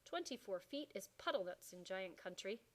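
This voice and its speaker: A woman's voice: mid-range voice, sing-song, normal speed, natural voice. A woman voicing a huge, kindly old male giant who speaks in mangled grammar and made-up words. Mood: earnest.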